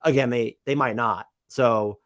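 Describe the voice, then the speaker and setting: A man's voice: mid-range voice, steady tone, a little slow, fairly bright tone. A man co-hosting a casual basketball podcast, asking questions in a conversational, hedging way. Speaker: podcast co-host. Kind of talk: casual basketball analysis chat.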